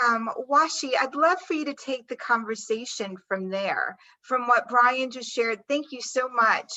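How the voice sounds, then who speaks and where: A woman hosts an interview, effusive and admiring in how she speaks. Her voice is bright and a little high, and she talks slowly. The audio sounds muffled. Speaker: host. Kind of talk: interview hosting.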